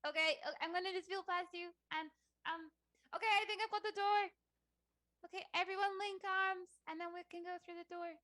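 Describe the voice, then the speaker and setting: A woman's voice: very high voice, steady tone, brisk, sharp tone, no room sound, studio quality. A woman playing an eager, helpful character in a tabletop game. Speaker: player.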